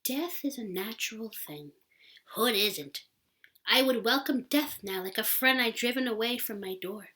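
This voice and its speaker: Hoarse old captive woman, breathy tearful whisper, higher than the reader's own voice, done by a woman. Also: expressive, unhurried, sharp tone. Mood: sorrowful whisper. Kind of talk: storybook audiobook reading.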